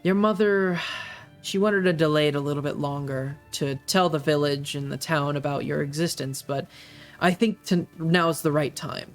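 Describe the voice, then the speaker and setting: A gentle father speaks softly and sighs, as a man plays him in his own natural voice. Faint music plays behind. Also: a little high, moderate pace, close to an everyday voice. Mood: resigned. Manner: soft, sighing.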